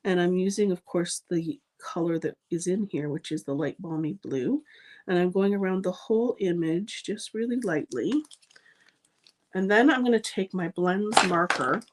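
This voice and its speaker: A woman's voice: on the low side, moderate pace. A woman hosting a live card-making demonstration, chatty and gushing, with frequent ums as she works. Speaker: card-making channel host.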